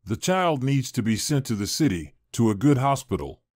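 A man voicing a teasing, blunt old village witch-healer woman with a creaky voice, in a storybook reading. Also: medium pitch, big pitch swings, normal speed, darkish tone, no room sound, clean studio sound, lightly acted. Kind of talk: storybook narration.

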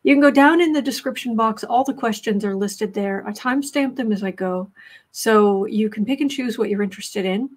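A woman's voice: medium pitch, moderate pace. A woman hosting a daily tarot livestream in a casual, rambling chat, with asides to her viewers. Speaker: livestream tarot reader and host.

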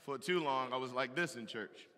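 A man preaching a sermon, animated and emphatic, with loud bursts and call-and-response to the congregation. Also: mid-range voice, moderate pace, slight background noise. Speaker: pastor. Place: large church hall. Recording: echoey hall from a distance.

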